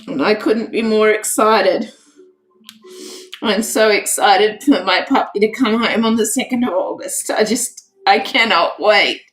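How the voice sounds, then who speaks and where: A woman hosting a casual crafts livestream, emotional and teary, repeating herself with excitement. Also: medium pitch, measured pace, faint music behind, rough recording. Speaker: crafts channel host.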